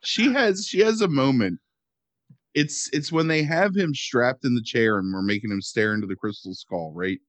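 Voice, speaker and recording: A man co-hosting a podcast, sarcastic and animated in casual chat, mimicking voices for laughs. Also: medium pitch, moderate pace, no echo. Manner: animated, sarcastic, mocking accents. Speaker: podcast co-host.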